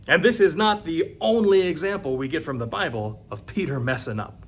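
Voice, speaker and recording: A man serving as a parish youth minister, teaching confirmation in a conversational, animated storytelling manner. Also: a little high, moderate pace. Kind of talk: confirmation catechesis video.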